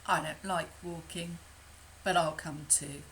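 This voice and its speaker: A sulky storybook duck who hates walking, muttering lower and complaining, as a woman puts her on. The grumble drags along slowly. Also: fairly even intonation, fairly bright tone, slight background noise. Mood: grumbling. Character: grumbling female duck with sore feet.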